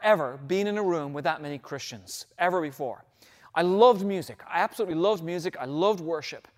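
A middle-aged man with a high voice preaching a sermon. He tells stories earnestly, building up to loud, fervent phrases and then sinking almost to a hush. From Ireland. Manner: earnest storytelling, swells louder on key phrases, drops to a near whisper at times. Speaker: pastor.

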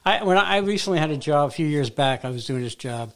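Rambling chatty man, slightly high voice. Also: lively intonation, fast talker, fairly bright tone. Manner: rambling, self-interrupting storyteller. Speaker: podcast co-host. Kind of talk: casual chat.

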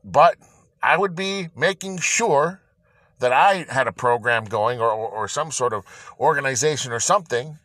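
A man's voice: mid-range voice, moderate pace, a bit bright, dry recording. Angry, profane man ranting. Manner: profane, heated, rambling with restarts. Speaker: podcast host.

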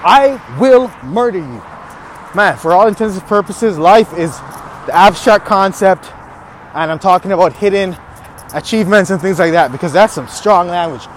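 Man, podcast host, high-pitched, riled up, trash-talking rant, faint background noise, outdoors. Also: normal speed. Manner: riled-up, trash-talking, laughs between lines. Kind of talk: fired-up motivational rant.

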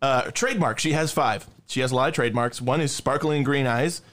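A man's voice: mid-range voice, a little fast, a bit bright. A young man co-hosting a podcast, reading through actors' film credits in a casual chat and laughing often. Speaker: podcast co-host.

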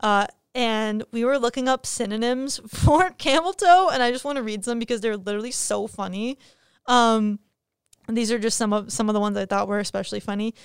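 A woman's voice: on the high side, brisk, smooth, dry recording, studio quality. A young adult woman hosting her own podcast in frank, profane, jokey casual chat. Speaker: podcast host.

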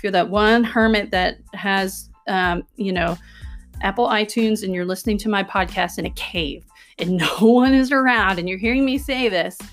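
A woman hosting a self-help podcast, talking earnestly and coaching her listeners, often checking in with "okay?" and "right?". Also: medium pitch. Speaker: podcast host.

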